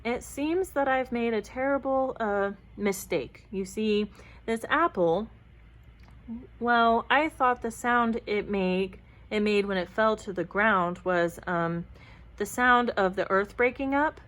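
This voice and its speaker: A woman's voice: medium pitch, expressive, unhurried, fairly bright tone. A woman voicing a foolish, timid little male rabbit in a storybook read-aloud, hesitant and stammering. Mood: sheepish.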